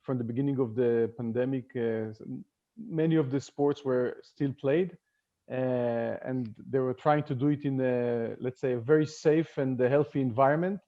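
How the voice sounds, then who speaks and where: A man speaking on a webinar panel in a halting way, with many fillers and restarts. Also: mid-range voice, lo-fi sound. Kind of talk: casual panel talk.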